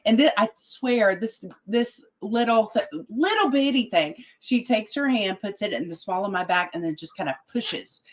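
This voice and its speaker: A woman guest telling a story in a casual interview, animated and quoting others as she goes. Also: medium pitch, moderate pace, hardly any pauses, lo-fi sound. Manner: animated, quotes other people in their voices. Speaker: political guest.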